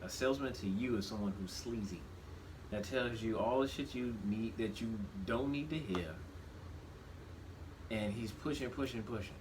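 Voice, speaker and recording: A man in his thirties talking casually on a podcast. He speaks reflectively, restarts his sentences often and gets animated when he quotes himself. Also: mid-range voice, normal speed. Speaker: podcast co-host. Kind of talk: casual conversation. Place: shop. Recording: steady background noise.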